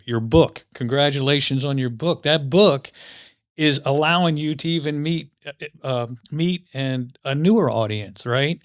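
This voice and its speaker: A man's voice: mid-range voice, no echo. A man as a podcast guest, speaking in an encouraging, emphatic way in a studio. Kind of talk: casual chat.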